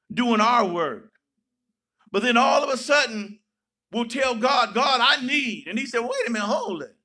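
Male pastor, very high pitch, slow measured delivery, preaching with bursts of shouting. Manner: preaching with sudden shouts and playful asides. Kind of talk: sermon.

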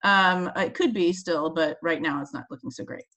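A woman's voice: on the low side, moderate pace, sharp tone, a little hiss or hum. A woman scientist co-hosting a casual educational chat, explaining animal facts in a chatty way and laughing often. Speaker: marine mammal scientist co-host.

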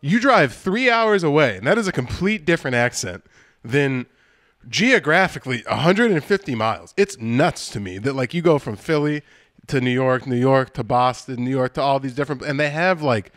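A man's voice: mid-range voice, animated, normal speed, fairly bright tone, dry recording, studio quality. A young man from Arizona co-hosting a casual podcast, cursing and rambling, laughing often. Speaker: podcast co-host. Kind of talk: casual chat.

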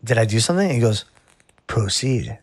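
A barber with a mid-range voice tells a rambling story in casual chat, animated and calling the listener "bro" a lot. He speaks at normal speed, and the recording has no room sound.

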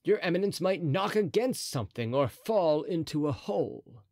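A man's voice: on the high side, animated, moderate pace, darkish tone, dry recording, studio quality, pitched above the performer's own voice. A man voicing a bold, mocking young Gascon swordsman in an audiobook, speaking with teasing courtesy.

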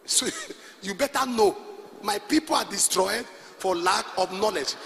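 Nigerian pastor, male, high bright voice, emphatic sermon delivery, long hall reverb, faint background noise. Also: lively intonation, a little slow, gravelly. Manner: emphatic preaching, alternating soft asides with shouts; leads call-and-response prayer and prays in tongues.

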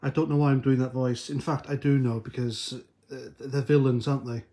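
A man's voice: mid-range voice, steady tone, fairly quick, dark tone, no room sound. A British man and army veteran giving a blunt, sarcastic opinion monologue and laughing often. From United Kingdom.

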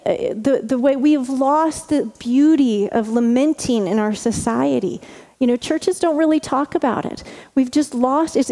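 A woman pastor with a high voice and dark tone delivers a conversational sermon, chatty and full of asides and restarts. The long reverb of a large hall surrounds her voice.

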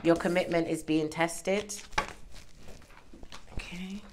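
Low-voiced woman reading tarot. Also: steady tone, slow, background noise. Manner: chatty, encouraging, often checks in with "okay?". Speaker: tarot reader. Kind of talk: casual tarot card reading. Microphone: microphone worn near her hair.

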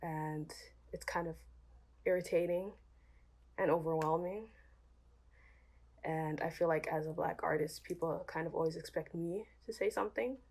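A woman's voice: deep voice, steady tone, moderate pace, pauses often, a little mellow. A woman artist speaking wearily and reflectively in a documentary interview. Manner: weary, reflective. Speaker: Black artist, student interviewee.

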